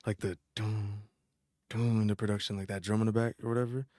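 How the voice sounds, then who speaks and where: Young male reaction host, low voice, dry close sound, animated slangy chat. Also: a little fast, no echo. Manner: animated and chatty, with slang and frequent laughs. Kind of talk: casual album reaction commentary.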